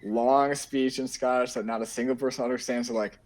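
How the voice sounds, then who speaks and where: A man's voice: medium pitch, steady tone, fairly quick, noisy background. A man on a casual podcast, laid back, spinning out ideas with many "like"s. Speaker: podcast co-host. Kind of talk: casual brainstorming chat.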